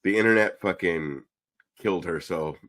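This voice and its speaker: A man co-hosting a podcast in casual chat, animated and swearing, acting out quotes in a lower voice. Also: moderate pace. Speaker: podcast co-host.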